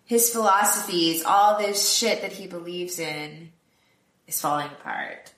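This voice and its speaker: A woman's voice: lowish voice, unhurried, a bit bright, echoey room, distant mic. A woman co-hosting a podcast, recapping a film in casual chat, laughing often and acting out characters' lines. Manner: chatty, laughs often, quotes characters in voices. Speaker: podcast co-host.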